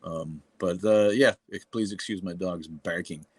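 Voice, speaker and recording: A middle-aged man from New England with a New England accent, talking in a very low voice. He hosts a casual livestream, speaking bluntly and profanely with many fillers and restarts. The sound is dry and close. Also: unhurried, a little mellow, slightly rough, no room sound. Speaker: livestream host.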